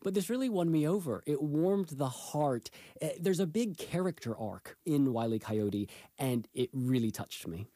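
A male critic giving his view of a film in a measured, articulate manner. His voice is dark and warm, and it sounds dry and close to the mic. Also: fairly high pitch, expressive, dry recording. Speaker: cultural critic. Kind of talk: radio studio discussion.

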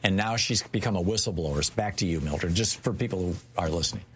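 A man's voice: sits low, fast, husky. A man hosting a call-in radio show, interjecting and often stammering on his words. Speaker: radio talk show host.

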